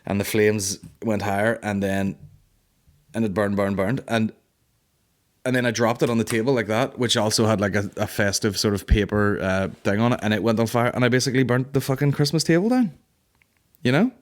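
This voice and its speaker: Sweary low-voiced man telling stories. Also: brisk. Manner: sweary storytelling, acting out quoted voices. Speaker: podcast host. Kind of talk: casual comedic monologue.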